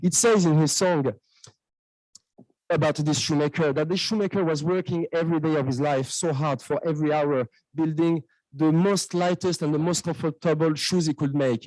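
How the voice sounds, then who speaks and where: Guy pleading with council, emotional, halting, kinda high voice, dry. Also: a little mellow, no echo. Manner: impassioned, halting, apologetic. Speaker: public speaker at council meeting. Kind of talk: emotional public deputation. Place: council chamber.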